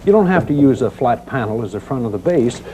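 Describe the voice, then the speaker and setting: A man's voice: mid-range voice, animated, fast, dark tone, rough recording. A middle-aged man hosting a home improvement show, explaining a woodworking project in a chatty, teasing, homespun way. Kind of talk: folksy how-to demonstration. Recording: 1990 VHS tape with faint hiss.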